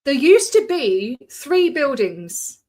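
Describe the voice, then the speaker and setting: A woman's voice: high voice, very animated, slow pace, darkish tone. A woman host from Scotland with a London accent and an Australian twang, chatting casually and swearing freely in an interview.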